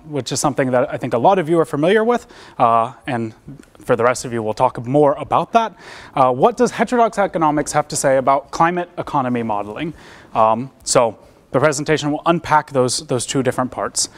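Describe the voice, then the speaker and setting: A man's voice: medium pitch, lively intonation, brisk. A young American man giving an academic seminar talk in a lecture room, casual and self-deprecating, with many fillers and restarts. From United States. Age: young adult. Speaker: seminar presenter.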